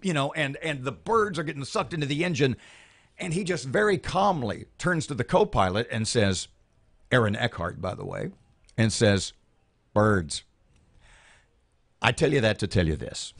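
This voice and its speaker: A man's voice: mid-range voice, animated, moderate pace. A male morning radio host, telling a rambling story in casual chat on air. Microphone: studio microphone.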